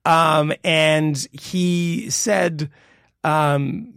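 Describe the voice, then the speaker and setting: A middle-aged man in casual political podcast chat, his voice rough with vocal fry. He rambles, then drives points home with sudden jumps in pitch. He is recorded on a close, dry mic in an average register. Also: brisk, no room sound. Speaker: podcast co-host.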